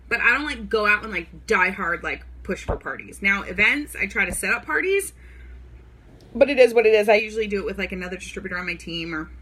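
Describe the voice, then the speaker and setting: A woman's voice: medium pitch, pushed and bright. A young woman vlogger telling her own story in a casual, rambling way, full of "like" and "y'all". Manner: chatty, rambling, lots of "like" and "y'all". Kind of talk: casual talking-to-camera storytelling.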